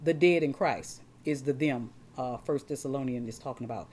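A woman's voice: a bass voice, moderate pace, darkish tone, slightly rough. A woman preaching a sermon, repeating words as she talks and checking in with her congregation.

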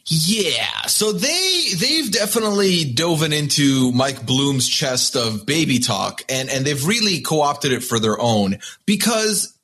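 A man's voice: fairly high pitch, big pitch swings, slow pace, hardly any pauses, sharp tone, husky. A man co-hosting a casual podcast, chatty and repeating words as he thinks aloud. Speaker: podcast co-host.

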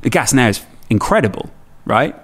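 Brief: young man, casual podcast guest, lively storyteller who acts out quotes. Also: medium pitch, moderate pace, husky. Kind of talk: casual chat.

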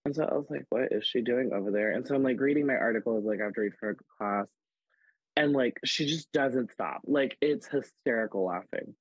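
A man with a husky, breathy voice tells stories in a loose, chatty way, leaning on "like" as he goes. The audio is dry and a little dull, like a modest home podcast setup. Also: mid-range voice, a little fast, no room sound. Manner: animated, filler-heavy storytelling with many "like"s. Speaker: podcast guest, drag performer. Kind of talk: casual storytelling chat.

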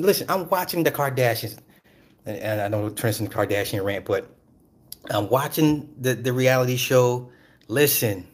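A man on a casual, profanity-laced rant, animated and quick to laugh at his own points. His voice sits in a mid range. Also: mid-range voice.

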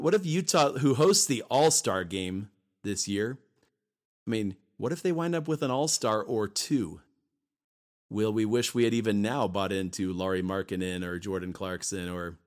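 A man co-hosting a podcast, talking casually and emphatically, often repeating himself and briefly acting out voices. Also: fairly low pitch. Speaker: podcast co-host.

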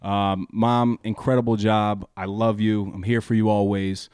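A young man co-hosting a podcast, talking earnestly in a halting way with many restarts. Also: on the low side, little pitch movement, darkish tone, smooth, dry recording, studio quality. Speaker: podcast co-host. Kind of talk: casual chat.

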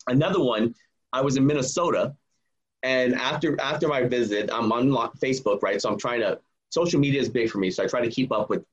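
A man who travels as a public speaker, telling earnest stories in a podcast interview and acting out the dialogue with lively energy. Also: mid-range voice, breathy edge, highs cut off. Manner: earnest, animated retelling with quoted dialogue. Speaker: guest, touring public speaker.

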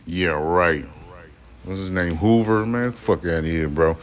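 A man's voice: low-pitched, measured pace. A man hosting a podcast, reading news aloud and breaking into irritated, profane rants. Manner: profane, irritated ranting between read passages. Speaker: podcast host.

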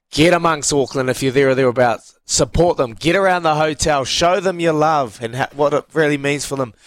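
A man in his thirties with a New Zealand accent, co-hosting a breakfast radio show in casual chat, lively and quick to laugh. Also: medium pitch, no echo. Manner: lively, laughs often, uses bro and mate. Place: radio studio.

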